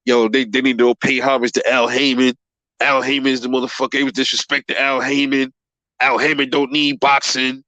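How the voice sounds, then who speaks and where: A man's voice: medium pitch, little pitch movement, pushed and bright, no room sound. A man hosting a boxing channel livestream, reading viewer comments in a profane, rambling way and calling everyone bro. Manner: profane, rambling, quick to laugh.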